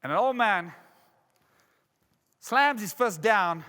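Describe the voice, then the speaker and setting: Brief: emphatic male keynote speaker, bright and high, with a reverberant hall sound. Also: expressive, slow, clean tone. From South Africa. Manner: emphatic, with repeated rhetorical questions. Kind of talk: motivational conference speech. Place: large casino conference hall.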